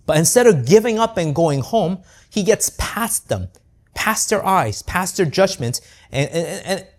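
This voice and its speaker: Earnest preacher with lively pitch. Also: male voice, measured pace. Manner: earnest, rhetorical questions, frequent "right?" tag. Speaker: pastor. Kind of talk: sermon.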